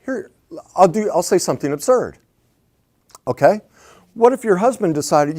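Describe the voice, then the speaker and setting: A middle-aged man coaching on relationships, swinging between hushed reflection and loud emphatic points. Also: sits high, animated, moderate pace, long pauses. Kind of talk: animated advice talk.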